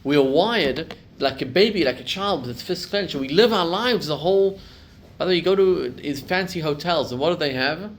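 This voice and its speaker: A middle-aged man, a rabbi, giving a class to a live group, telling stories and building to loud emphatic peaks. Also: on the high side, animated, fairly quick, few pauses, slight background noise.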